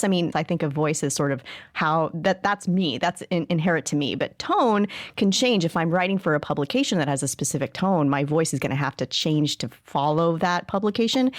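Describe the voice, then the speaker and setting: An inquisitive woman in a podcast conversation, with a somewhat low voice. She asks questions and stays open to correction. The recording is dry and close. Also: animated, a little fast, few pauses, no echo. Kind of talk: casual podcast discussion.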